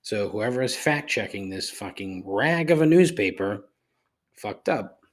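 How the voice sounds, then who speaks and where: A man's voice: on the low side, expressive, measured pace. A man hosting his podcast alone, ranting sarcastically with lots of swearing and rambling asides. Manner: sarcastic, profane, rambling with frequent fillers. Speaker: podcast host. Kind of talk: casual solo podcast rant.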